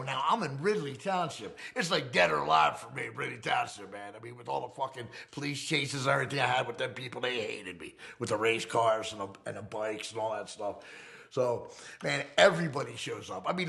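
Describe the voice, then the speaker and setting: A middle-aged man, telling his story in an interview in a profane, animated way. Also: mid-range voice, gravelly.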